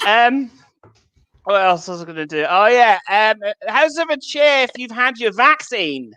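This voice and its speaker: Dry-witted English comedian, bright voice. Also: male voice, high-pitched, animated, a little slow, clean tone, dry recording, poor audio. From England. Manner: dry, self-mocking, acts out voices in his stories. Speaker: stand-up comedian. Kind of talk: online stand-up set.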